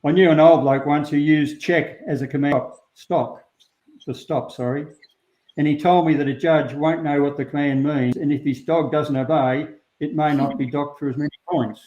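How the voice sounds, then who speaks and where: With a fairly high pitch, fairly even intonation and a darkish tone, an Australian man who works sheepdogs answers interview questions. His talk is unhurried, plain-spoken, relaxed and full of ums, heard through roomy, dull lo-fi sound.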